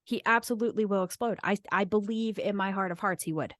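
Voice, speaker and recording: A woman's voice: mid-range voice, quick pace, fairly bright tone, no echo, studio quality. Wry candid woman guest. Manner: candid, wry, quotes her partner. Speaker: podcast guest, spouse. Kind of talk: casual chat.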